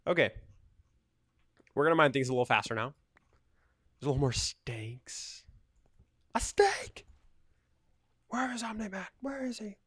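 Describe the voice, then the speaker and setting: A man's voice: medium pitch, gravelly, fairly bright tone, no echo. A young man talks loosely over his gameplay, tossing off jokes and then launching into half-serious rants. His voice sits in a middle register and the recording is close and very dry, with no room sound. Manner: rambling, jokey, ranting asides. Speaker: gaming YouTuber. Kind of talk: casual gameplay commentary.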